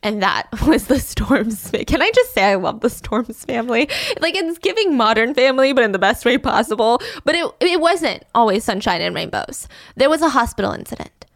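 A woman telling a funny story in a casual, animated, giggly way. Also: on the high side, normal speed, creaky, few pauses, no echo, clean studio sound. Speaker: podcast storyteller.

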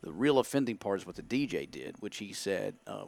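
A man's voice: lowish voice, expressive, fairly quick, vocal fry, a little mellow. A man, a podcast guest, telling his side of a story candidly and acting out his own thoughts in quotes.

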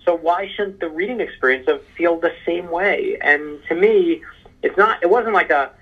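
A man being interviewed as an author, telling an animated story in casual conversation. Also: on the high side, normal speed. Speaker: author guest. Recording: muffled phone-line sound.

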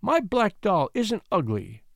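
A man voicing a shy, plain orphan girl who speaks softly and timidly. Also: a little high, wildly swooping pitch, moderate pace, no echo, studio quality. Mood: gentle. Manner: soft and timid.

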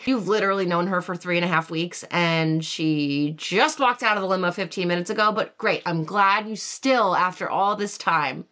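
A woman's voice: fairly low pitch, a bit bright. A woman co-hosting a casual recap chat, gossipy and sarcastic. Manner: sarcastic, gossipy, quotes people in mock voices. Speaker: podcast co-host.

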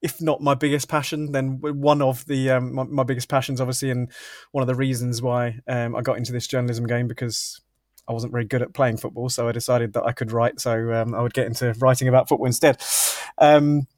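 A middle-aged southern English man talks as a podcast guest from a room at home. He hesitates a lot, full of ums and restarts, in a flat, even tone. The sound is dry and close. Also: medium pitch, fairly quick, dry recording. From southern England. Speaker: podcast guest, football editor. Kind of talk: casual podcast chat. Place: home room with shirts on the wall.

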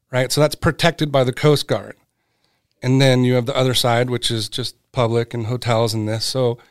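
A man's voice: mid-range voice, clean tone, no echo, studio quality. Man telling a story. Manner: animated, acts out quoted voices. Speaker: guest, brand cofounder. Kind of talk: casual storytelling.

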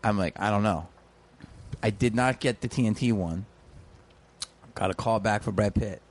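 A man's voice: lowish voice, normal speed. A man, a comedian and actor, chatting casually and telling rambling stories, acting out quotes along the way. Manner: rambling storyteller, acts out quotes. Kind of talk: casual podcast chat.

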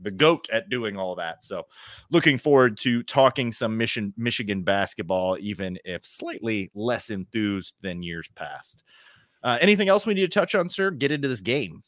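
Low-voiced, dry-sounding podcast host. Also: male voice, expressive, moderate pace, fairly bright tone, dry recording. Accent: American. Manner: joking, teasing banter. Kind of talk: casual sports podcast chat.

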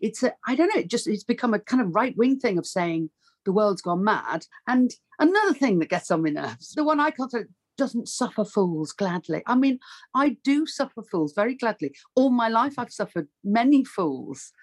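A woman's voice: on the high side, moderate pace. A woman, a voice artist chatting as a comedy podcast guest. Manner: chatty, animated, slips into funny voices. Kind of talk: comic conversation.

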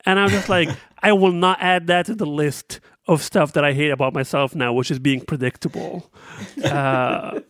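A young man chats on a podcast, telling stories against himself and acting out what he said. His voice is smooth and resonant. The sound is close and dry, with no room around it. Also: on the high side, steady tone, normal speed, a bit bright, no room sound. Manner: self-mocking storytelling, acts out his own lines. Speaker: podcast co-host and comedian. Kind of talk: casual chat.

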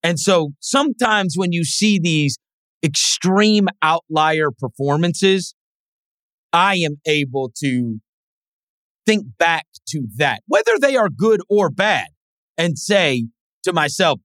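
A man co-hosting a sports podcast, telling stories in a casual, animated way and dropping into high mimicking voices. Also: slow pace, dry recording, clean studio sound. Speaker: podcast co-host.

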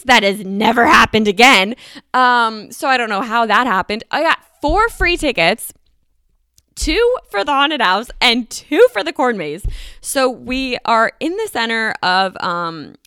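Bright, chatty young woman storyteller. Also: smooth, no echo, clean studio sound. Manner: animated, acts out quotes with pitch jumps, frequent "like". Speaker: podcast host. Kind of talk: casual storytelling.

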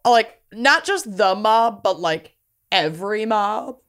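A woman co-hosting a podcast, telling a story in a casual, profane, animated way with plenty of laughter. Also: medium pitch, slow. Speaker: podcast co-host.

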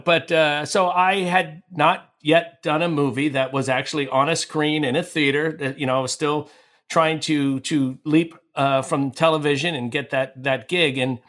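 Male guest composer, higher-pitched, chatty storyteller who restarts and fills a lot. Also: moderate pace, a bit bright. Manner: rambling with many restarts and fillers. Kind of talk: animated storytelling in conversation.

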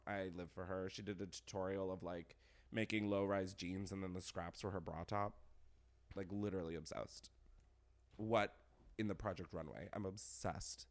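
A young man hosting a podcast, chatting casually in a gossipy, animated way, laughing often and saying "like" a lot. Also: fairly low pitch. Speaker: podcast host. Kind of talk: casual chat.

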